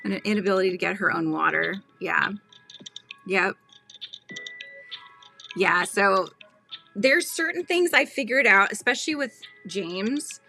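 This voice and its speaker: A woman's voice: mid-range voice, a little slow, vocal fry, pauses often, sharp tone, soft background music. A woman in her thirties chatting casually with her live chat while she crochets at home, laughing often. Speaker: crochet channel host.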